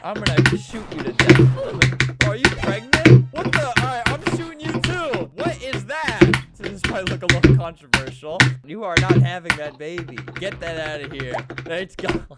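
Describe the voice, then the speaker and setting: A young man in his twenties riffs through gameplay with dark, deadpan humor. His voice swings widely up and down in pitch as he jokes and spins stories. Loud music plays behind him the whole time. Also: normal speed. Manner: dark deadpan joking, playful storytelling. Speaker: gaming video creator. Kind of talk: comedic gameplay commentary. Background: loud background music.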